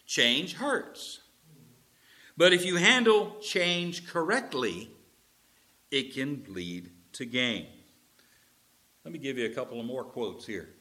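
A pastor with a drawl preaching to his congregation. His voice is very bright and swings widely in pitch. He talks in an animated, folksy way, tossing asides to the pews. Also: takes it slowly, long pauses. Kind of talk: sermon.

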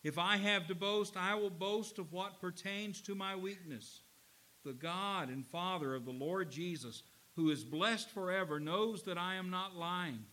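A man preaching a sermon, earnest, slowing down to stress key lines. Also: high voice, sharp tone, rough recording. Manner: earnest preaching, slows for emphasis. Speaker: pastor.

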